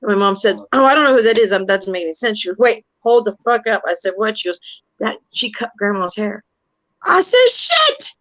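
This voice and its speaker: A woman's voice: mid-range voice, fast talker, low-quality recording. Woman, 50s, brash, foul-mouthed storyteller; casual chat co-host. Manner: brash, swears freely, animated storytelling. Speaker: paranormal investigator and co-host.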